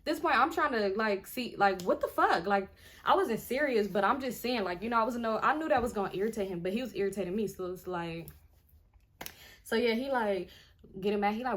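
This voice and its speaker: A woman in her twenties telling a storytime in a chatty, animated way, full of "like" and acting out what people said. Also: mid-range voice, fast. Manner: chatty, animated, heavy on filler "like", acts out others' lines. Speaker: vlogger. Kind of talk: casual storytime.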